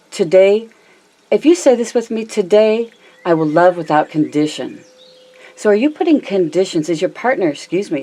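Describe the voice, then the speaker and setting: Low-voiced woman giving a chatty tarot reading. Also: dark tone. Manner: chatty, affectionate, addresses viewers as my loves and honey; varies her pitch and pace a lot, slows down for emphasis. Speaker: tarot reader. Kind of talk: casual tarot reading to camera.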